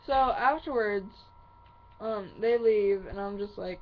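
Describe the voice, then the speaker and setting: Woman, angry venting, heavy swearing, slow drawn-out delivery, dull lo-fi recording. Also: medium pitch, lively intonation, a little hiss or hum. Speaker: vlogger. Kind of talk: angry venting monologue to camera.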